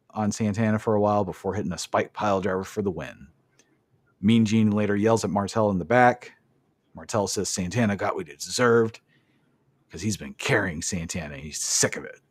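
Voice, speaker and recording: Blunt, low-voiced male podcast host. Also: a bit bright, husky, no echo. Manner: swears freely, blunt opinions. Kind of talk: casual play-by-play recap of a wrestling show.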